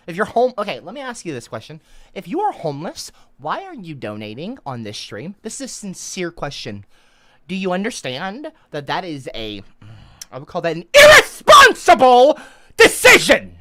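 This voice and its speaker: Loud, lively, profane woman streamer. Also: lowish voice, no echo. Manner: profane, with sudden shouted outbursts; bossy, lecturing tone. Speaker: livestreamer. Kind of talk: comedic livestream rant.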